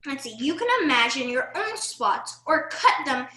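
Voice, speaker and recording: A woman reading a picture book aloud to young children, in a coaxing, animated way that speaks straight to them. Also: high voice, normal speed, echoey room, slight background noise. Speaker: children's storyteller.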